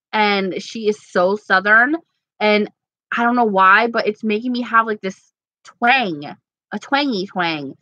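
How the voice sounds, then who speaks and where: A woman's voice: medium pitch, sharp tone, no room sound, highs cut off. A woman from New York, chatting casually and giggling as she rambles through viewer comments as a beauty vlogger. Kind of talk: casual live chat reading comments.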